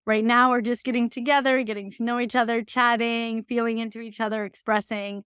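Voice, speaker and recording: A woman guest on a podcast, explaining her ideas earnestly and encouragingly. Her voice is smooth and clear at a middle pitch. It is recorded dry and close. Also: flat delivery, fairly quick, a bit bright, dry recording. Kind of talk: casual conversation.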